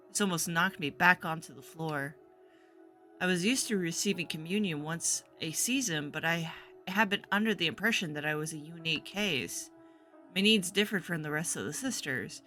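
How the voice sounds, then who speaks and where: A woman's voice: lowish voice, normal speed, pushed and bright, soft background music. A very tired woman streaming a game, reading its story aloud in a sleepy, rambling way. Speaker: gameplay streamer. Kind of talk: reading a visual novel aloud while playing.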